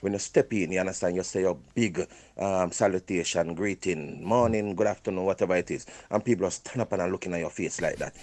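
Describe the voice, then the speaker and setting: A man's voice: low-pitched, a little fast. Man leaving a voice note. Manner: animated storytelling, patois phrasing. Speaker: caller via voice note. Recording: phone voice note.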